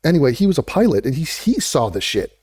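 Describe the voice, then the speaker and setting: A man's voice: fairly high pitch, sing-song, quick pace, a little mellow, breathy edge, no room sound, clean studio sound. A man with a blunt, profane, sarcastic manner, ranting as a video creator in a commentary vlog.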